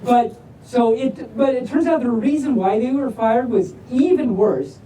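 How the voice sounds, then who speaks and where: A goofy woman hosts a live story reading, rambling off on tangents and laughing at her own jokes. Her voice sits a bit high, with mellow warmth, and it echoes around the room from some distance. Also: a little slow. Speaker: storyteller host. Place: convention room with live audience. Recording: echoey room, distant mic, faint noise.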